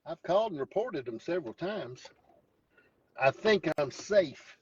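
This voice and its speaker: Husky man joking mock-dramatically. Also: fairly high pitch, lively intonation, a little slow, no room sound, muffled recording. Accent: Southern US, Appalachian. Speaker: vlogger host. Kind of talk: joking storytelling vlog. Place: in a truck driving home.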